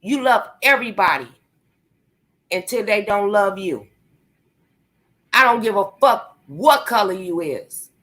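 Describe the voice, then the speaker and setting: A woman's voice: medium pitch, animated, measured pace, pauses often, fairly bright tone. A woman vlogger, delivering a profane, confrontational rant to her viewers. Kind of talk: angry rant to camera.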